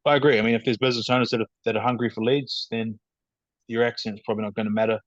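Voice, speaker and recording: Flat-voiced New Zealand man on a call. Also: medium pitch, dry recording. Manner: measured, matter-of-fact, calls himself rational. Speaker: podcast guest. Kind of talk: casual podcast interview. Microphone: video call. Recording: dull, dry video-call audio.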